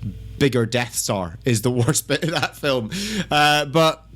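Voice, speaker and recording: Man, comedy quiz host, rambling, animated, swears a lot, mid-pitched voice. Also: a little slow. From Scotland. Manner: rambling, animated storyteller who swears freely. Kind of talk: casual comedy quiz hosting.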